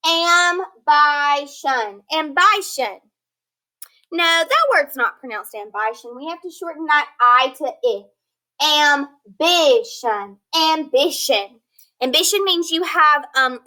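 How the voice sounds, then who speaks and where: A woman teaching an online phonics lesson, sounding out words slowly and checking in with her students. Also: sits high, pushed and bright. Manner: slow, deliberate modeling of word sounds; encouraging, checks with "right?" and "okay?".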